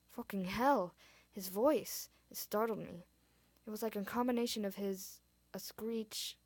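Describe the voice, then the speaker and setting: A woman reading her fan fiction aloud, expressive, dropping in her own asides. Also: medium pitch, no echo. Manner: expressive, adds asides and swears in reaction. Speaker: reader.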